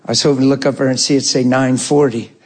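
A man's voice: mid-range voice, fast talker, breathy edge. A middle-aged man preaching a sermon, telling family stories and acting out the voices of parents and children. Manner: animated storytelling, acting out family dialogue.

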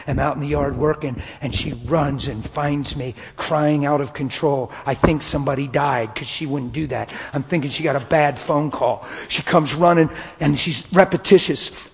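A middle-aged male pastor telling a personal story in a sermon, his delivery swinging from hushed to loud and emotional. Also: mid-range voice, creaky, slightly rough. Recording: long hall reverb.

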